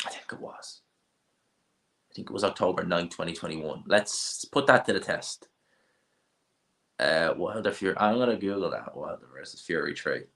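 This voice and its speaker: Brief: male stream host, fairly low voice, blunt, rambling, opinionated. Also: animated, moderate pace, creaky, long pauses, fairly bright tone. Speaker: boxing channel host. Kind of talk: casual live stream chat.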